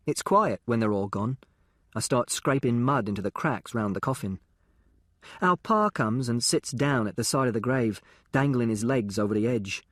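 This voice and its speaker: A man's voice: medium pitch, dry recording, clean studio sound. A man narrating an audiobook in the first person, in a plain, working-class dialect voice.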